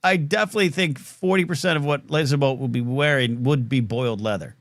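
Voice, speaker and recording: A man's voice: mid-range voice, fairly quick, fairly bright tone, no room sound, studio quality. A man hosting a call-in show, rambling playfully with lots of fillers and restarts. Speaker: host. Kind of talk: casual call-in show chat.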